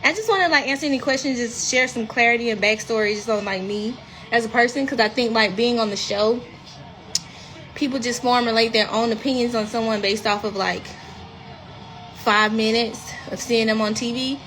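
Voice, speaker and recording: Southern woman in her 30s, Mississippi accent, candid livestream talk, slightly high voice, phone mic at home. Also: a little fast, a bit bright, soft background music. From rural Mississippi, US. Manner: frank, chatty, swears freely. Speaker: reality TV cast member. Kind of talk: casual livestream chat.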